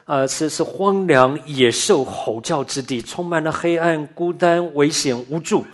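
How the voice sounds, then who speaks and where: A man from China preaching a sermon in short phrases, pausing for live interpretation, swinging from hushed lines to ringing exclamations. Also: a little high. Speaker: pastor.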